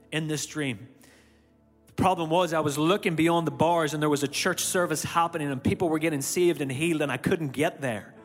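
Irish man preaching in a reverberant hall. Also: on the high side. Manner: animated personal storytelling, acting out his own reactions. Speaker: church speaker. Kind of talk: sermon storytelling. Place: church auditorium. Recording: long hall reverb, faint music behind. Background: faint music.

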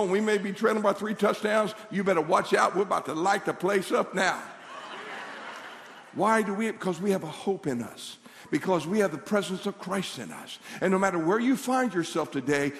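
A pastor preaching a sermon in a church hall, telling a Bible story with acted-out voices and building to shouted declarations. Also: male voice, high voice.

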